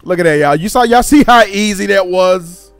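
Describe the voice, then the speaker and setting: A man, commentating his co-op stealth game casually, excitable and joking, teasing his partner. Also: high voice, normal speed, clear, resonant tone, dry recording, faint music behind. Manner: excitable, jokey, trash-talks his partner, bursts into loud laughs. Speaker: gaming channel host.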